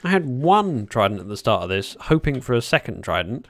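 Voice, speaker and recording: A man chatting casually at his desk while livestreaming a game, speaking into a desk microphone, with sudden excited yelps. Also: mid-range voice, fairly quick, no echo. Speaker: gaming livestreamer. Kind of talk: casual commentary while playing.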